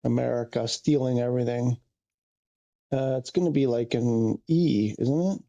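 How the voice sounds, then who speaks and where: A man's voice: mid-range voice, fairly even intonation, normal speed, creaky, warm tone, muffled recording. A man streaming a flight game, chatting casually and thinking aloud as he corrects himself. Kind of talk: casual live-stream chat.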